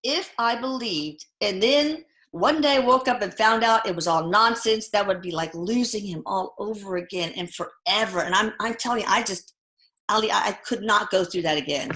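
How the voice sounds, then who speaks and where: A woman guest telling personal stories in a casual, animated way, often lifting her voice when quoting others. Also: medium pitch, moderate pace, roomy sound. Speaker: guest, physician and mother. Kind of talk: conversational storytelling.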